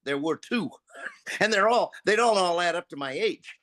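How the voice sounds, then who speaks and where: A man's voice: high voice, moderate pace. An older man, a voice actor guest, telling casual, profanity-laced stories and animatedly acting out what people said. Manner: profane, animated, acts out quotes. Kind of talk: casual storytelling.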